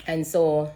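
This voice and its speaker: A woman's voice: low-pitched, a little mellow, husky. A woman with a Jamaican accent giving an emotional testimony on a phone live stream, earnest and repeating herself for emphasis while fighting back tears.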